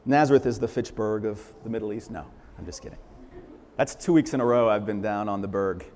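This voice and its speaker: A man preaching a sermon as pastor, fervent and emphatic, swinging from loud swells to hushed, quiet lines. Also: fairly low pitch, fairly quick, slight background noise. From Massachusetts, USA. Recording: long reverberant hall echo.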